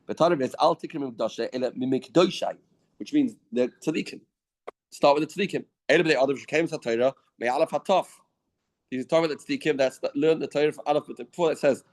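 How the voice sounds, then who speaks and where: A man giving a daily Talmud class in a study hall, lively, weaving Hebrew and Yiddish terms into English. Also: mid-range voice, quick pace. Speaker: Talmud teacher. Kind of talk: Talmud lecture.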